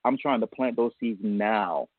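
A man's voice: fairly low pitch, unhurried, dry recording. A man guest on a casual radio interview, telling a heartfelt story about being a father and laughing often. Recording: tinny phone line, dry.

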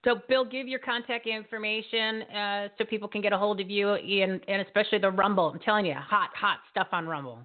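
A woman's voice: mid-range voice, fairly quick, few pauses. A woman hosting a live show, talking to her guests in an enthusiastic, teasing way. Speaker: show host. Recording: tinny phone-like line.

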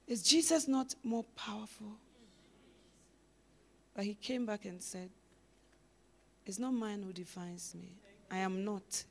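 A woman preaching a sermon as a pastor's wife, swinging from loud, emphatic exhortation to low, musing questions.

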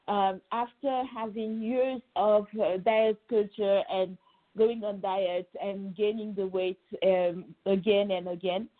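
A woman from Senegal, a native French speaker, answers interview questions in English. She hesitates often, with many ums and repeated words. She sounds thin and tinny, like a phone line. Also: medium pitch. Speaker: guest. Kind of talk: podcast interview.

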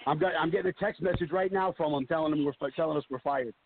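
A man, a wrestler guest on a podcast, telling a comic story with animated delivery. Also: a little high, fast talker, gravelly. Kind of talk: casual podcast chat. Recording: tinny phone-like line, faint hiss.

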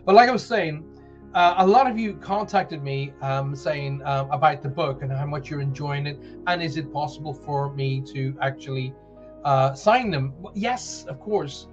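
A man with a softened Northern Irish accent, hosting a live show and chatting warmly to viewers as he reads out their messages. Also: fairly high pitch, moderate pace, lo-fi sound, soft background music. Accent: soft Northern Irish. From Northern Ireland. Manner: chatty, rambling, reads messages aloud with put-on voices. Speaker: host of a live call-in show.

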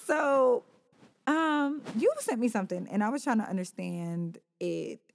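Female co-host, fairly high voice, blunt and emphatic, reverb on the recording. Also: measured pace, gravelly. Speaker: podcast co-host. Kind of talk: casual chat.

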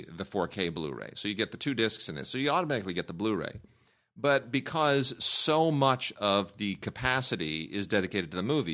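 A fairly low-pitched man with a bright, forceful tone chats about films on a review podcast. He talks in an opinionated, rambling way, often restarting his sentences. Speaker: film critic co-host. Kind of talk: casual podcast review chat.

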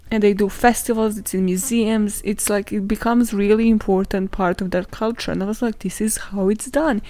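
A young woman hosting a podcast, telling stories in a casual, sweary, animated way and laughing often. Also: a little high, dry recording. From not British, lives in London. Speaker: podcast host. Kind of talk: casual chatty storytelling.

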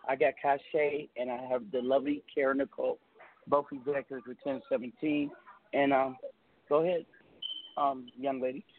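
A man's voice: medium pitch, steady tone, normal speed, slight background noise. A man hosting a casual call-in radio talk show, playful and teasing, laughing often. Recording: tinny phone line.

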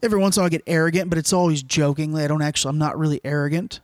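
A man's voice: fairly high pitch, steady tone, rapid-fire, dry recording. A man co-hosting a podcast, joking and boasting in casual banter, laughing often. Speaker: podcast co-host.

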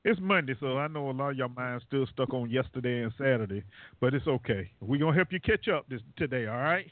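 A man's voice: mid-range voice, expressive, a little fast, dry recording. A man hosting a casual call-in talk show, rambling and laughing at his own jokes. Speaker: radio show host. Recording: dry, phone-like internet radio line.

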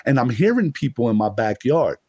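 A man's voice: mid-range voice, sing-song, fairly quick, a little mellow, breathy edge, no echo. A man, a podcast guest telling a story with bursts of laughter. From Bronx, New York. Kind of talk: casual storytelling.

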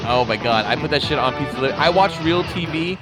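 A man in his thirties co-hosting a podcast, rambling and swearing as he tells animated stories in casual chat. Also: fairly high pitch, quick pace, over loud music. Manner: rambling, profane, animated storytelling. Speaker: podcast co-host.

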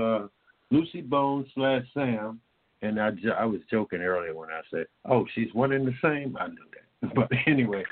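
A man from Indiana hosting a talk-radio show in a casual, rambling way, full of fillers. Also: mid-range voice. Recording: tinny phone-line sound.

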